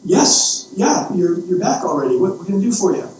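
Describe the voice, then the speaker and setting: An exasperated, sarcastic God sighs and stammers from his throne, as a man preacher puts him on, in a fairly high male voice. It is heard from a distant mic in a very echoey room with faint hiss behind. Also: sing-song, normal speed, a little mellow. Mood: patient.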